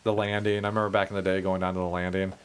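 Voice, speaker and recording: A man's voice: low-pitched, racing, a little hiss or hum. A man telling a bar story in casual chat, swearing freely and acting out what people said. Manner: profane, animated storyteller, acts out quotes.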